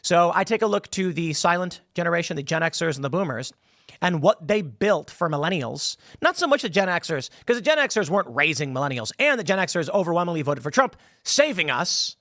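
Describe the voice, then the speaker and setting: A man's voice: fairly high pitch, sing-song, brisk, a bit bright, no echo. A man hosting opinionated political commentary in a combative, sarcastic manner from a small studio.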